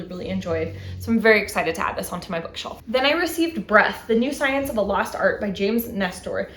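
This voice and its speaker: A woman's voice: mid-range voice, echoey room, slight background noise. A woman in her thirties hosting a book haul vlog, chatting eagerly about each new book. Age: 30s. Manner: enthusiastic, talks through each book and reads back covers. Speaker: book channel host.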